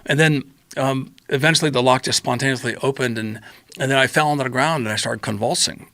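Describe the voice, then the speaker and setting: Male podcast guest, gravelly voice with a tense, bright edge, animated rambling storyteller. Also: mid-range voice, fast, no room sound. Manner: acts out his own quoted remarks, tangential and repetitive.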